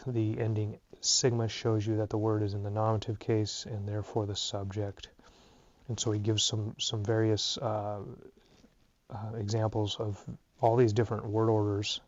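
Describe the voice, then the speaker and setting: A man's voice: on the low side, darkish tone. A tired man teaching a casual Greek grammar lesson, thinking aloud with plenty of ums and uhs. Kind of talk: unscripted lesson. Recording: dull lo-fi recording.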